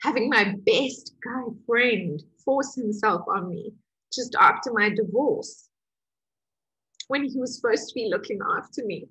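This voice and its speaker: A middle-aged woman who teaches a healing course, telling a personal story in an emotional, animated way with laughter. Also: a little high, husky, low-quality recording.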